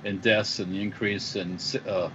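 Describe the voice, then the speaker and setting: A man's voice: lowish voice, level tone, normal speed, bright, forceful tone, a little hiss or hum. Wisecracking male co-host, muffled sound. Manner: rambling, wisecracking. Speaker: podcast co-host. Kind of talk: casual live-stream chat.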